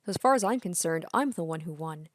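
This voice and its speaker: A woman's voice: on the low side, animated, quick pace, no echo, clean studio sound, close to an everyday voice. A woman reading aloud the lines of a possessive, imperious young princess girl from a game. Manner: bossy, indignant reading.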